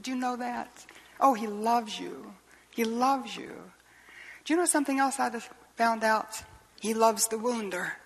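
An older woman preaches as a Bible teacher, telling stories earnestly and tossing in rhetorical questions. Her voice is husky and sits at a middle pitch for a woman. It rings out with a long reverb, as in a large hall. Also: fairly bright tone. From Southeastern US. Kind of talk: sermon.

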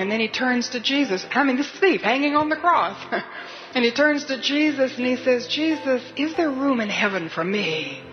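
A woman preaching a sermon with earnest emphasis, slowing and softening on key words and asking listeners direct questions. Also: on the high side. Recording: slightly muffled recording with faint hiss.

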